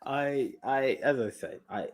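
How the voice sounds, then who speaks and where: A man's voice: mid-range voice, unhurried. A man co-hosting a podcast in casual chat, often stumbling and repeating words as he thinks. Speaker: podcast co-host.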